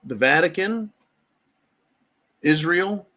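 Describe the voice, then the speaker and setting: A man's voice: a little high, animated, takes it slowly, pushed and bright. A man from the United States hosting a livestream, giving blunt political commentary, swearing freely and often tagging his points with "right?". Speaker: livestream host.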